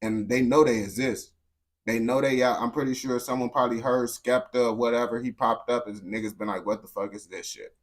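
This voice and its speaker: A man's voice: mid-range voice, fairly even intonation, brisk. Blunt young American man ranting to his chat. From United States. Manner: blunt, slangy, repeats words and restarts, keeps saying bro. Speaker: streamer talking to chat. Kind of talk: casual unscripted rant to viewers.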